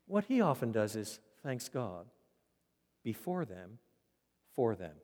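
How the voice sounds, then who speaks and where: Animated preacher in an echoey hall. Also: male voice, mid-range voice, slow pace. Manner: animated, repeats words when emphatic. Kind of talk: expository sermon.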